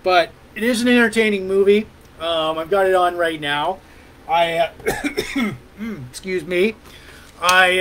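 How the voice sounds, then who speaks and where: High-voiced rambling livestream host. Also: male voice, a bit bright, poor audio. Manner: rambling, many fillers and restarts. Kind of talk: casual livestream chat.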